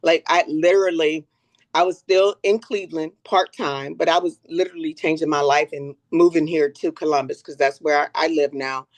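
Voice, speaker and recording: A woman's voice: low-pitched, steady tone, moderate pace, dry recording. An older woman talking openly as a guest in a personal conversation, earnest and reflective, often repeating words as she gathers her thoughts.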